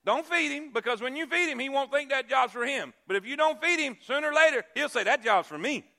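A male pastor preaching a sermon, repeating key phrases and swinging from loud emphasis to hushed asides. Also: extremely high pitch, fast talker.

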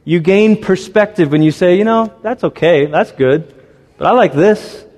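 A man's voice: sits high, normal speed, a little mellow. A man preaching a sermon, telling stories animatedly and acting out characters and animal noises. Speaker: pastor. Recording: long reverb of a large hall.

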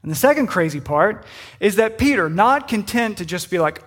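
High-voiced man preaching slowly. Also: lively intonation. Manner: slow, deliberate preaching with conversational asides. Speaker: pastor. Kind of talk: sermon.

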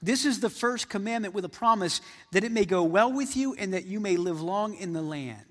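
A man's voice: high-pitched, expressive, a little fast, a bit bright, big-room sound. A man preaching a sermon to a congregation in a conversational way, often repeating his words as he goes. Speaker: pastor.

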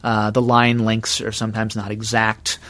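A man, an archivist, explaining in an interview with a careful, measured manner. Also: fairly low pitch, monotone, a bit bright.

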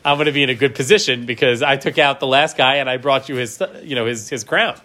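A man teaching a class, middle in pitch, who reads out Hebrew verses and then explains them in plain English. He keeps checking in with his listeners, tagging "right?" onto his points as he goes. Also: steady tone, fast talker, bright, forceful tone. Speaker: Torah teacher. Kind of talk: class lecture.

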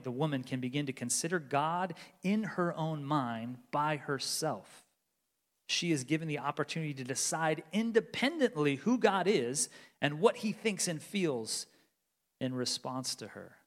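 Pastor, male, earnest sermon delivery with emphatic peaks; higher voice, long church reverb. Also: fairly bright tone. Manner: earnest, builds to emphatic bursts then drops low. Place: church sanctuary.

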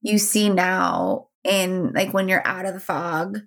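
Gravelly-voiced woman co-hosting a podcast. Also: fairly low pitch, very animated, takes it slowly, fairly bright tone. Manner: candid, with many fillers and trailing thoughts. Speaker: podcast co-host. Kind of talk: casual chat.

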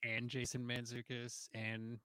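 A man's voice: mid-range voice, completely flat delivery, a little slow, pushed and bright. A man co-hosting a podcast in casual chat, wry and joking.

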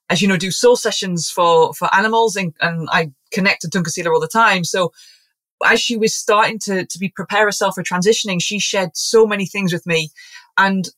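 A woman with a mid-range, fairly bright voice appears as a guest on a casual podcast. A zoologist and shamanic practitioner, she talks earnestly and ramblingly, often restarting, and acts out quoted voices.

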